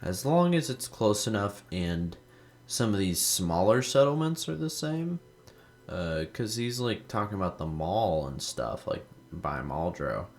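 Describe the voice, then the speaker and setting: A young man hosting a gaming video, chatting casually and telling rambling stories, swearing a lot and saying "like" often. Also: low voice. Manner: rambling storytelling, heavy swearing, lots of "like". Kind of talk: casual gameplay commentary.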